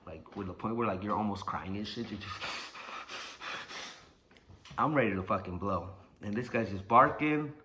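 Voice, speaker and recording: A man's voice: on the low side, unhurried, long pauses, noisy background. A man telling a story from his school days in a casual, rambling way, swearing a lot and acting out the sounds.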